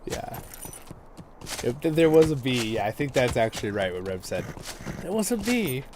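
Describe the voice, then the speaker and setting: Over a faint hiss, a man hosts a livestream and guides viewers through a game in casual, rambling commentary. His expressive pitch rises and dips widely as he tells stories at a moderate pace, and he laughs often as he chats.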